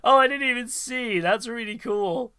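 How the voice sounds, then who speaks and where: A very high-pitched man speaks at normal speed in a pushed, bright, yet smooth voice. Hosting a livestream, he gets excited over viewers' painted miniatures and rambles casually, leaning on fillers and restarts.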